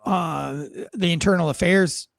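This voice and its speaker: A man's voice: high voice, unhurried, creaky, dry recording. An American man, a former police officer turned comedian, telling stories bluntly and with self-mocking profanity in a casual interview. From United States.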